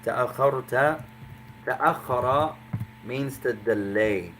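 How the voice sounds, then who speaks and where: A male Arabic teacher leading a class, switching between Arabic and English and repeating new words slowly for his students to copy. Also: mid-range voice, fairly bright tone, a little hiss or hum, rough recording. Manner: drills new words by slow repetition; mixes Arabic and English, addresses students as brothers. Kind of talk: language class instruction.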